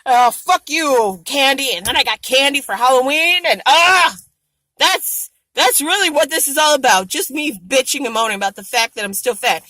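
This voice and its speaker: A woman in a casual vlog rant with a bright, sharp-edged voice pitched a little high. She talks frankly and swears freely, building up to exasperated outbursts. The sound is close and dry. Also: moderate pace, no room sound, poor audio. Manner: frank, heavily profane venting; animated, rising to high exasperation. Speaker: vlogger.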